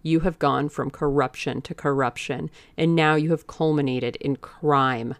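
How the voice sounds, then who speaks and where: Woman doing a cold scornful Victorian gentleman. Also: low voice, steady tone, a little slow, no room sound. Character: Alan Campbell, stern disgusted Victorian gentleman.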